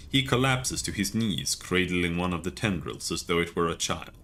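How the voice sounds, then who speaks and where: Man, streamer, reading game text aloud, measured, deep voice. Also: lively intonation, fairly bright tone, a little hiss or hum.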